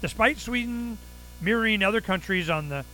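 A man talking through a casual monologue in a bright, forceful voice pitched a little high. He tells stories with sarcasm and acts out the people he quotes. A faint mains hum runs behind him. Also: lively intonation, moderate pace, poor audio. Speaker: commentary show host.

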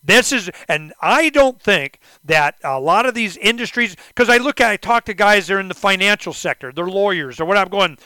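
A man with a high, bright and smooth voice hosts a political talk interview. He rambles animatedly from point to point, acting out past exchanges. The sound is close and dry, with no room echo. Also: lively intonation, normal speed, hardly any pauses.

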